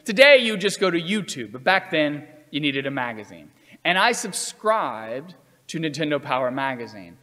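A man's voice: on the high side, big pitch swings, sharp tone. Earnest male storyteller in a reverberant hall. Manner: earnest, measured storytelling with acted quotes. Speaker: speaker telling personal stories. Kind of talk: storytelling talk.

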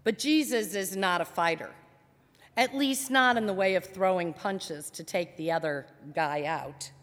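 Slow, storytelling woman pastor in a church. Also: fairly low pitch, fairly bright tone. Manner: storytelling, dramatic pauses. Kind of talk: sermon. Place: church sanctuary. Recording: long church reverb.

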